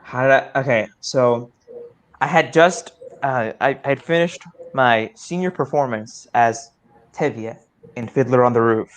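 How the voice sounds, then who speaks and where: Excitable young man spinning a tall tale. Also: medium pitch, unhurried. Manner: excited rambling, many stammered restarts. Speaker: improv player telling a story. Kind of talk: comic storytelling game.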